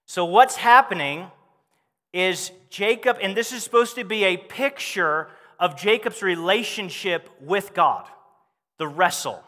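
Guy preaching, high bright voice, chatty and animated, big reverby church hall. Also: a little slow. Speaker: pastor. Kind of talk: sermon.

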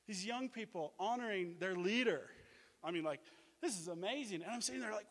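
A middle-aged man tells a preaching testimony as a missions base director, animated and full of exclamations. His voice sits a little on the high side. The sound carries a long reverb from a church hall. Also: fairly quick. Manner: animated storytelling with laughs and exclamations.

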